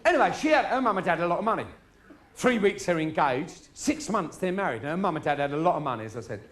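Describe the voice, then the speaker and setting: A man's voice: sits high, lively intonation, quick pace, a bit bright. A middle-aged man telling crude stories in a stand-up routine, swearing freely. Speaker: stand-up comedian. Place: live show before an audience.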